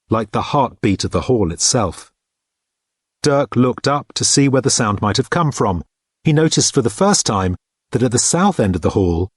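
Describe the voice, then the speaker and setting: A man reading an audiobook in a measured, understated narrating manner. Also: mid-range voice, breathy edge, no room sound, studio quality. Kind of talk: scripted narration.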